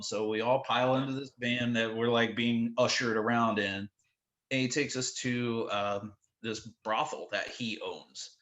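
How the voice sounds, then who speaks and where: A man's voice: medium pitch, flat delivery, normal speed, a bit bright, echoey room. A man who works as a touring drum tech, telling a story as a guest in casual chat, rambling with lots of "like" and quoted asides.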